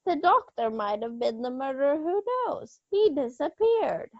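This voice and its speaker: A woman's voice: high voice, sing-song, normal speed, dry recording, dull audio. A woman co-hosting a podcast in casual chat, playful and laughing easily. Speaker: podcast co-host.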